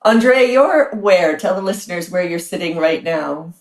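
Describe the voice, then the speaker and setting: A woman's voice: lowish voice, animated, moderate pace, reverberant. A woman with a North American accent hosting a podcast interview, chatty and effusive, with frequent restarts. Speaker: podcast host.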